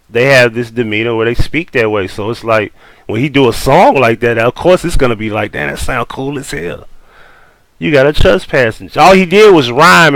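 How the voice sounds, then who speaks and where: A man's voice: fairly high pitch, fairly bright tone, no room sound, rough recording. A man with a New Orleans accent giving casual commentary on a video. He argues bluntly, swears often and corrects what he hears. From Louisiana. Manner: blunt, profane, argumentative. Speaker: host reacting to a video.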